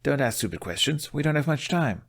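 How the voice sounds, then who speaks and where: A man's voice: a little high, animated, a little fast, gravelly, pitched above the performer's own voice. A man voicing a sneering, blunt young female Viking twin. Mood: scornful.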